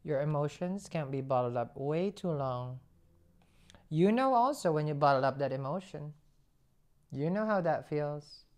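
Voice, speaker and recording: Her voice sits low and a little mellow, with lively intonation and a measured pace. She's a tarot reader doing a chatty, conversational reading, humming while she ponders and posing rhetorical questions.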